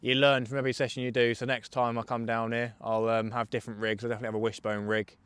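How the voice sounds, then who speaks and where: A man's voice: medium pitch, level tone, fast, fairly bright tone, clean tone, no room sound. Chatty man fishing outdoors. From England. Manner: chatty, jokey, reads out viewer questions and answers them. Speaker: fishing vlogger answering livestream chat. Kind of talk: casual live fishing commentary. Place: outdoors on a riverbank.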